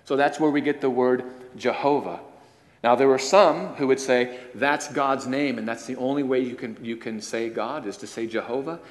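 A man's voice: medium pitch, fairly even intonation, moderate pace. A man preaching a sermon, earnest and emphatic, calling his listeners friends as he explains scripture. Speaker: pastor. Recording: long hall reverb.

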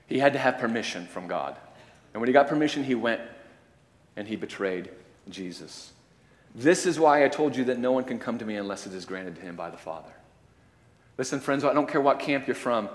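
A male preacher delivering a sermon, swinging from quiet, low statements to loud, emphatic declarations. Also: expressive, a little fast. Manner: varies loudness, rising to emphatic declarations and dropping low. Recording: long hall reverb.

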